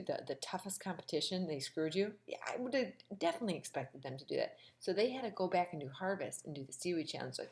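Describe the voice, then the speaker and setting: A woman hosting a casual, gossipy recap of a reality show, sassy and animated. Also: quick pace, gravelly, hardly any pauses. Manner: animated, gossipy and sassy, with big pitch swings.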